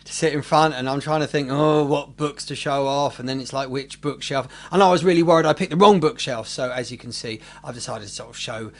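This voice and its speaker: A man's voice: medium pitch, a little fast, hardly any pauses. Self-mocking male comedian on a video call. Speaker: stand-up comedian. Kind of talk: stand-up set over video call. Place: room at home in front of bookshelves.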